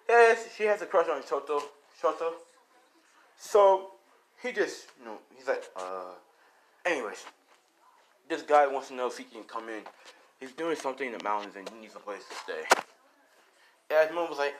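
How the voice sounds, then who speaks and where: A young man spins an improvised story in a loose, rambling way, stopping and restarting with plenty of fillers. His pitch swings widely as he moves between narration and quoted lines, and a faint noise sits under the recording. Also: big pitch swings, normal speed, long pauses.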